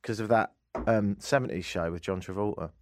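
An Englishman with an English accent hosts a radio talk show from the studio, speaking fairly quickly in a lowish voice. His casual comic monologue is a wry, exasperated rant.

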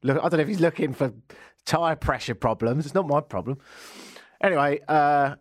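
A man hosting a radio show, telling a joking story in an animated way from a studio. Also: fairly high pitch, moderate pace, no room sound. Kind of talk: comic radio monologue.

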